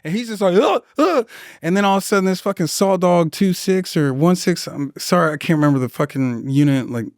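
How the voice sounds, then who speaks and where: A young man tells a war story in rough, profane, casual speech, with a higher pitch than most men. He leaps into loud voices for the people in it. His voice is smooth and clear in a dry, close room. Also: brisk, hardly any pauses, dry recording. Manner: profane, animated, acts out voices in his stories. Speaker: guest, Marine veteran.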